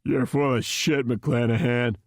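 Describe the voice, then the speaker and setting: A man voicing a crude, brash agent in pain, with a high, strained yell. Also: fairly even intonation, a little slow, dry recording, clean studio sound, natural voice.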